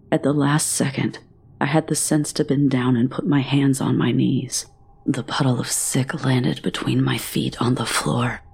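A woman narrating a horror story in a measured, often whispery way. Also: very deep voice, gravelly, a little mellow, slight background noise.

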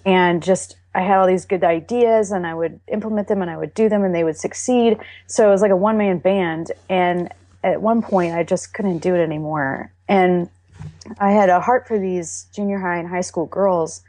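A middle-aged woman from Texas, a guest telling her faith story in an earnest, emotional way with halting restarts. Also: on the low side, fairly even intonation, warm tone, no room sound. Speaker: interview guest. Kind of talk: candid faith testimony.

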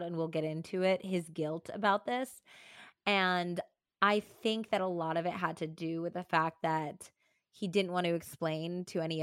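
A woman's voice: on the low side, no room sound, clean studio sound. A young woman hosting a true crime podcast, reading from a book and chatting casually. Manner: reads book excerpts, then chats casually with filler "like". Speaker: podcast host.

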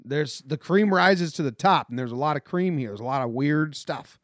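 A man's voice: fairly high pitch, lively intonation, normal speed, a bit bright, no echo. A man co-hosting a casual podcast, laid-back and joking as he reads odd headlines with dry asides. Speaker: podcast co-host. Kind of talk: casual sports and news chat. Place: old beach cottage on an island.

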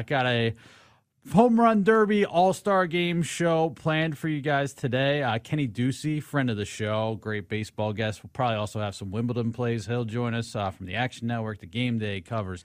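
A man's voice: medium pitch, dry recording, clean studio sound. A man hosting a sports betting podcast, chatting loosely with frequent filler words. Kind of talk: casual sports betting chat.

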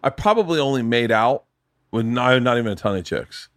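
A man hosting a podcast in a casual chat from his home studio, telling loud, profane stories and acting out the people in them. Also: medium pitch, expressive, brisk, no echo. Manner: loud, profane storytelling with acted-out quotes. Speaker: podcast host.

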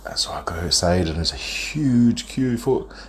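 A man's voice: sits low, lively intonation, normal speed, vocal fry, a little hiss or hum. A man in his thirties, telling a long, rambling story in a phone voice note and chuckling as he goes. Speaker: caller sending a voice note. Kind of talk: casual storytelling.

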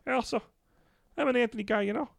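A man doing a sheepish high-voiced caller. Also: fast, vocal fry, no room sound, full character voice. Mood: chummy. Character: sheepish young male caller in trouble.

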